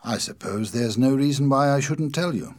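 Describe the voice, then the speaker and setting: A man doing a coldly calm bomb maker. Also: medium pitch, moderate pace, no echo, clean studio sound, voice pushed up, close to an everyday voice. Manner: calm, cold, matter-of-fact.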